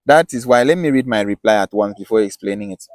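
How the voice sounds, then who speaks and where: A man's voice: lowish voice, fast talker, no echo. Emphatic man with an Akwa Ibom accent. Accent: Nigerian, Akwa Ibom. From Nigeria. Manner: emphatic, repeats and restarts phrases. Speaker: self-styled teacher. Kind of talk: passionate monologue lesson.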